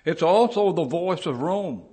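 A man's voice: a little high, expressive, unhurried, in a large hall. Man preaching a dramatic sermon. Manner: dramatic storytelling, rising to shouted quotes.

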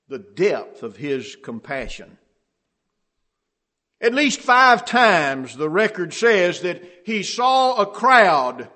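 Slow, measured, fairly high-voiced male preacher. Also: fairly bright tone. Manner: slow, measured delivery with rising emphasis on key phrases. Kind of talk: sermon.

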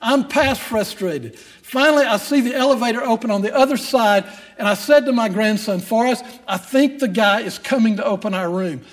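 A man's voice: extremely high pitch, normal speed. An older man, a grandfather, preaching a sermon and telling a humorous family story to make his point. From Texas. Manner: storytelling, humorous asides, rising emphasis. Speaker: pastor.

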